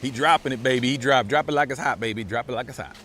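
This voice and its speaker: A man's voice: medium pitch, fast, a bit bright, a little hiss or hum. Laid-back man streaming live while walking outdoors. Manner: laid-back, thanks viewers for donations, repeats phrases. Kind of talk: casual live-stream walk and talk. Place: outdoors by a beach and pools.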